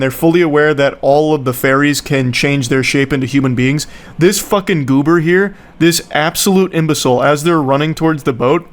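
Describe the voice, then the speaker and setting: A man in his thirties with a slightly high voice tears into a bad movie with a sarcastic, profane running commentary. He retells the plot in quick bursts and acts out the characters along the way, close to the mic. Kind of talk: casual movie review rant.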